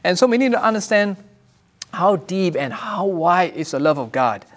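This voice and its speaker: A man's voice: sits high, expressive, normal speed. A man preaching a sermon as pastor, earnest, repeating and restarting phrases, raising his voice for quoted cries. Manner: raises voice when quoting cries from scripture.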